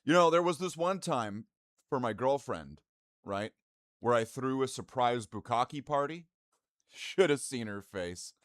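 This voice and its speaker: A man's voice: medium pitch, no echo. A man streaming live and chatting casually with his viewers in profane, rambling, mock-indignant banter.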